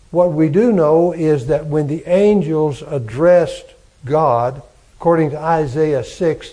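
A man preaching a sermon as pastor, slow and emphatic, building on repeated phrases. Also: on the high side, warm tone.

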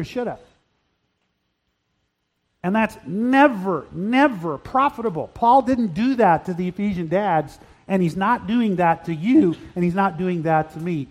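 An older man preaching a sermon, earnest, rising to loud emphatic peaks. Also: high-pitched. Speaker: pastor. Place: church hall.

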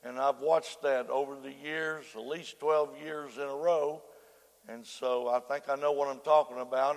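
An older man, preaching a sermon that moves from soft prayer to shouted preaching. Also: medium pitch, fairly even intonation, moderate pace. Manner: prays softly, then preaches in rising shouts. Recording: echoey hall with long reverb.

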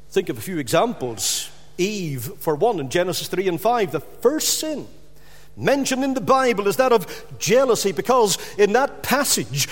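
A male preacher delivers a dramatic sermon, rising to loud emphasis and falling to a hush. His voice sits high and moves with animated swings. A long hall echo trails each phrase.

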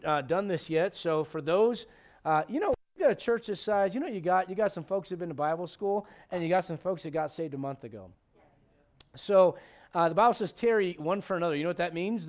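Male pastor, high-pitched, conversational sermon delivery, quizzes the congregation, punches key lines. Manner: conversational, emphatic, asks the congregation questions. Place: church sanctuary.

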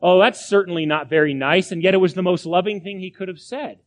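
A man with a high voice delivers a sermon as pastor. He preaches emphatically, repeating phrases and firing rhetorical questions at the congregation. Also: fast.

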